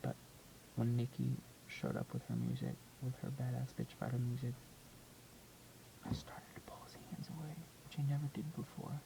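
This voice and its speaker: Hushed, gravelly confessional storyteller. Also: mid-range voice, fairly even intonation, moderate pace, poor audio. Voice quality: hushed, often whispered delivery. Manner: emotional, swings from hushed to loud. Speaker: vlogger sharing a personal story. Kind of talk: confessional personal testimony.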